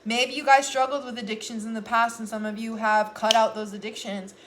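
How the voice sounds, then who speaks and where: A young woman with a fairly high voice gives a casual tarot reading for her viewers. She talks earnestly and loosely, trailing off and restarting her sentences as she goes, with a faint hiss of noise underneath. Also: flat delivery, fairly quick. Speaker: tarot reader.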